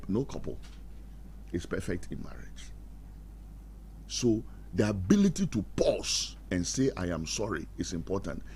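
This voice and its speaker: A husky, fairly low-pitched middle-aged man delivers marriage advice in the style of a preacher on talk radio. Animated throughout, he acts out quarrels in put-on voices and laughs at his own humor. Faint background noise can be heard.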